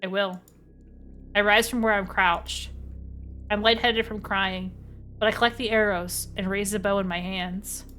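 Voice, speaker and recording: A woman streamer reading a visual novel aloud and reacting in a blunt, profane, excitable way. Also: medium pitch, measured pace, long pauses, slight background noise.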